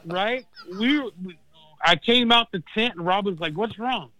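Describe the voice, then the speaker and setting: A man with a high voice tells a long story in a loose, animated way. He swears freely and peppers his talk with "man" and "dude." The sound is dry, with no room around it. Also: normal speed, no room sound, poor audio. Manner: animated, profane, says man and dude constantly. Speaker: phone-in guest. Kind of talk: casual storytelling chat. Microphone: phone line.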